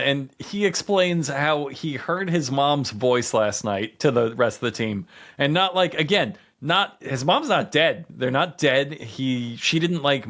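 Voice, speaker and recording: A man co-hosting a comedy podcast, telling stories with laughter and animated quoted lines. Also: medium pitch. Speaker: podcast co-host. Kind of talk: comedic casual chat.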